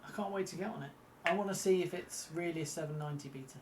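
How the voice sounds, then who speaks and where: A man's voice: on the high side, racing, noisy background. A man co-hosting a live stream in a casual, chatty way, self-mocking and stumbling over his reading. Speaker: co-host of a motorbike live stream.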